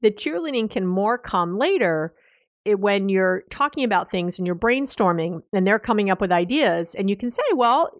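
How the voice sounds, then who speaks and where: An American woman therapist hosting a podcast, giving animated casual advice, laughing and restarting her sentences. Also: medium pitch, normal speed, dry recording. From United States.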